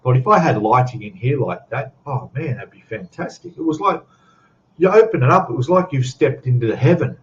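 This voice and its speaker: An older Australian man hosts a casual live stream chat, his medium-pitched voice animated and brisk. He rambles, chuckles often, and reads out viewer comments in a chatty way. The recording sounds muffled.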